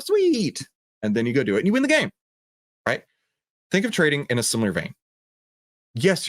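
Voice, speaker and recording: Animated man talking on a livestream. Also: fairly low pitch, no room sound, clean studio sound. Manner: animated, digressive, self-interrupting. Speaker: host. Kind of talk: casual livestream talk.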